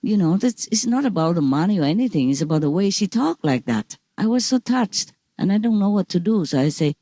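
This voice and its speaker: A woman's voice: medium pitch, lively intonation, warm tone, no echo, studio quality. A woman spiritual teacher speaking casually over a video call, telling stories in broken, repetitive phrasing with frequent laughs. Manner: broken, halting non-native phrasing.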